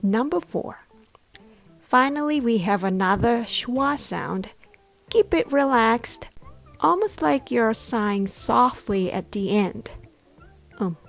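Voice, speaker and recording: A woman's voice: a little high, expressive, vocal fry, faint music behind. A woman pronunciation coach giving a scripted lesson, sounding out each syllable carefully. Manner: slow, deliberate, sounding out syllables.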